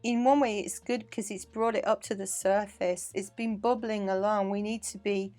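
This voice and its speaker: A middle-aged woman from England, a dance teacher, chatting in an interview and telling lively anecdotes. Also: medium pitch, moderate pace, soft background music. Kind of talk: casual interview storytelling.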